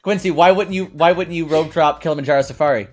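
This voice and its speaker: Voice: mid-range voice, quick pace, a little mellow, soft background music. A panel member in a casual chat, asking the others questions with enthusiasm and frequent restarts.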